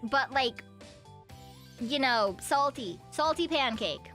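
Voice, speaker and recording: A woman's voice: high-pitched, lively intonation, takes it slowly, a bit bright, faint music behind. A woman streamer chatting casually, giggling often and rambling with lots of fillers and self-corrections. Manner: giggly, laughs often between sentences. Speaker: VTuber streamer.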